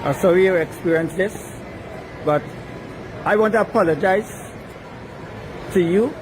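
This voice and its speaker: A man's voice: high voice, measured pace. A man with a Trinidadian accent interviewing a visitor outdoors, asking brief questions and apologizing. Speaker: street interviewer. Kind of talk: sympathetic street interview. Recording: outdoor crowd and traffic noise. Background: crowd and vehicles.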